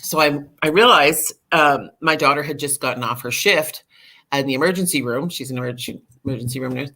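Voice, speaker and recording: A middle-aged woman, a podcast guest, candidly telling a personal recovery story in an animated way, full of fillers. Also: very deep voice, fairly quick.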